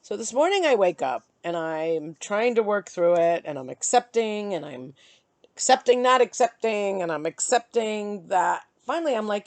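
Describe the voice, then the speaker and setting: A middle-aged woman vlogging, chatty and animated as she tells and vents about her day. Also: mid-range voice, normal speed, dry recording. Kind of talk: casual storytelling to camera.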